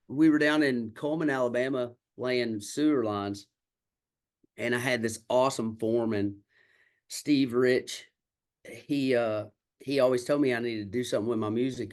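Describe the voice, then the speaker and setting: A Kentucky country singer and songwriter tells candid, salty stories in a casual interview, acting out the people he quotes. He speaks in a mid-range voice at a moderate pace with fairly even intonation.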